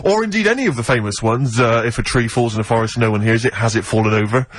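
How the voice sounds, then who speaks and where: A man's voice: medium pitch, fast talker. A man co-hosting a radio show, trading dry, playful banter in a casual chat. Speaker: radio co-host. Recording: radio recording with loud noise and clicks.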